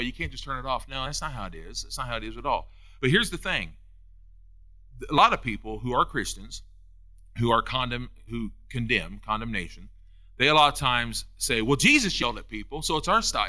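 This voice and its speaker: A man delivers a sermon, his pitch swinging widely as he presses his points. His voice carries a bright, forceful edge, and he drives ideas home by repeating them. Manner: preaching with rising emphatic peaks and quick repetitions. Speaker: preacher.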